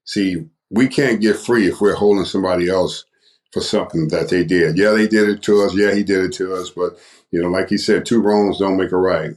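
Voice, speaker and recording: A man's voice: sits low, fairly even intonation, a little fast, a little mellow. An older man giving his testimony as a podcast guest, speaking in a preacherly, repetitive and emphatic way.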